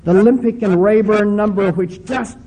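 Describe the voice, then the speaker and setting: A male pastor preaching a sermon with emphatic, drawn-out stresses and a folksy storytelling manner. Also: sits high, steady tone, warm tone, low-quality recording.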